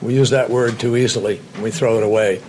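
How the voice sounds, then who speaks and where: A man's voice: fairly low pitch, steady tone, a little mellow, a little hiss or hum. A man speaking as a politician at a press briefing, formal and oratorical. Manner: formal, grand, slow oratorical delivery.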